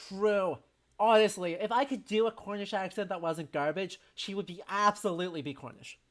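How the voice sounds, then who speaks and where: A woman's voice: medium pitch, moderate pace, slight background noise. A woman streamer making chatty, wry asides while playing through a story game. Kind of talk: casual game playthrough commentary.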